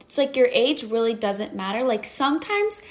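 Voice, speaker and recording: A young woman talking casually about faith and patience, animated and full of filler words. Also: on the high side, moderate pace. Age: young adult. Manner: chatty, animated storytelling, heavy "like" fillers. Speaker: podcast guest.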